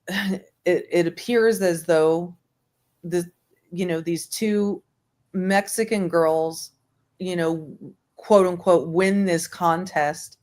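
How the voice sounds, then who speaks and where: A woman hosts an online book club in a low voice. She reads passages aloud, then talks about them frankly and ramblingly, full of fillers and the odd curse. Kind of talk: reading aloud and casual book discussion.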